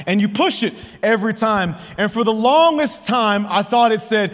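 A man's voice: sits high, moderate pace, few pauses, a bit bright. A man in his thirties preaching a sermon, chatty and personal, often checking in with the crowd by asking "right?". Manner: conversational, often asks the audience "right?". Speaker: pastor. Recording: long hall reverb.

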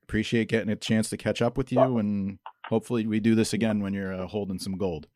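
Easygoing interviewer, lowish voice. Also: male voice, fairly even intonation, fast, darkish tone, no room sound, studio quality. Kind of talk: casual interview.

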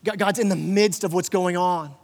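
A man's voice: sits high, steady tone, moderate pace, big-room sound. A man preaching a conversational sermon as pastor, often repeating words and acting out quotes. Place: church hall.

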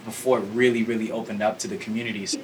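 A man filmmaker answering interview questions quickly and affirmingly. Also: fairly low pitch, level tone. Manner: fast, affirming. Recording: distant mic with noise.

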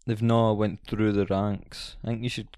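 A man's voice: lowish voice, level tone, normal speed, dark tone, clear, resonant tone, no room sound, studio quality. A man chatting casually, hesitant and laid-back. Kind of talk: casual chat.

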